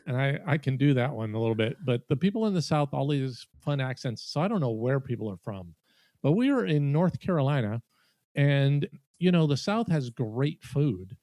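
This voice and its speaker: A man's voice: medium pitch, no echo. A man hosting a podcast, telling a funny story in casual chat. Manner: storytelling, animated and joking. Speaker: podcast host.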